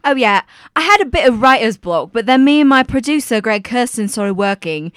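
A woman's voice: on the high side, expressive, a little fast, fairly bright tone, no room sound, studio quality. A woman doing an impression of a blunt, brassy British singer with a London accent, in a comedy sketch. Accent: London English. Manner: brassy, blunt, calls people love.

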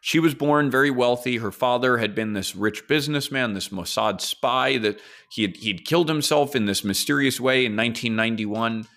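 A man's voice: medium pitch, moderate pace, hardly any pauses, fairly bright tone. A man hosts a solo podcast and tells a story in a loose, casual way. He speculates aloud and throws in the odd curse word. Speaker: podcast host.

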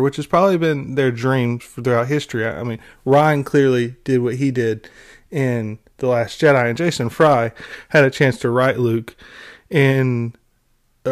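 A man ranting in a sarcastic, exasperated commentary, with halting restarts and repeated words. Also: mid-range voice. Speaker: film commentary vlogger.

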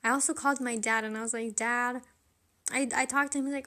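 A young woman with a slightly high voice chats on her solo podcast. She rambles from thought to thought and keeps questioning herself. She breaks into laughter often as she talks. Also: steady tone, quick pace, a bit bright. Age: young adult. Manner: chatty, rambling, self-questioning; laughs often while talking. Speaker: podcast host. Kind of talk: casual solo podcast chat.

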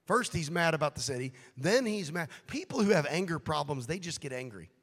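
A man preaching a sermon as pastor, shifting from quiet, hushed passages to loud, shouted appeals, acting out the voices he quotes. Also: a little high, expressive, fairly quick, husky, in a large hall. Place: church sanctuary.

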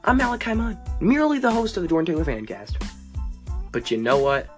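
A man's voice: high-pitched, huge pitch swings, soft background music. A young man hosting a fan podcast in a casual, playful, joking way. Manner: playful, joking, quick asides.

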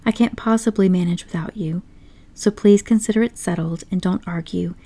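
A woman voicing a boastful, excitable male toad in an audiobook story, talking grandly and pushily. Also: lowish voice, normal speed. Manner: grandly enthusiastic, pushy.

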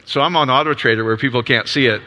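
A man in his fifties preaching in a relaxed, chatty way, his voice bright and forceful. He keeps tossing out rhetorical questions to the congregation, upbeat and easygoing. His words ring out with a long reverb through a church hall. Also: medium pitch, fast. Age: 50s. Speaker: ministry leader. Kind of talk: casual sermon.

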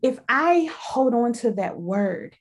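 A woman with a slightly high voice talks about faith in an emphatic, preacherly way. She builds her points through repetition, like a sermon inside a conversation. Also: expressive, slow pace.

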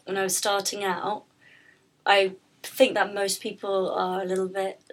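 A woman's voice: mid-range voice, monotone, unhurried. A woman who founded a pastry business, chatting in an interview, rambling with lots of fillers and restarts. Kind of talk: casual interview chat.

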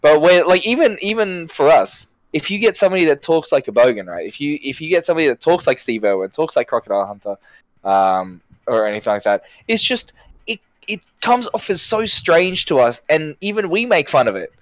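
An Australian man in easy podcast chat, his pitch bouncing up and down as he rambles through stories. The sound is dry and close, with no room echo around him. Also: fairly quick. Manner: animated, rambling, frequent fillers. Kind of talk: casual chat.

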